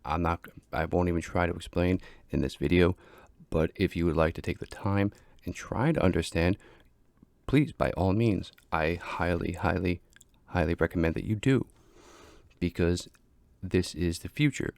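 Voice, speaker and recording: A man's voice: sits low, moderate pace, gravelly, a little mellow, no room sound. A man hosting a casual explainer monologue, speaking plainly, repeating himself and restarting often. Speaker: crypto explainer host.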